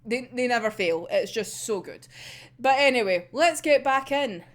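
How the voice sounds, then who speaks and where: A woman's voice: a little high, animated, normal speed. A young adult woman with a Scottish accent, chatting casually about an anime episode, laughing often and swearing freely. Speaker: anime reviewer.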